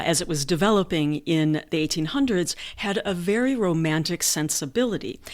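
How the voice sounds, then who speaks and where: A woman hosting a podcast, giving an educational monologue in a measured, unhurried storytelling manner with occasional fillers. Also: fairly low pitch. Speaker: podcast host.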